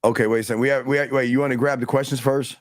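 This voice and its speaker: A man hosting a casual reaction podcast, talking in a rambling way with halting restarts. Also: medium pitch, steady tone, no room sound, studio quality. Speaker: podcast host.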